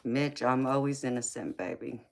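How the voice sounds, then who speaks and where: A woman's voice: rumbling low, normal speed, vocal fry, a little mellow, slight background noise. A woman hosting a casual live chat, teasing viewers playfully, laughing often and calling them baby and sweetheart.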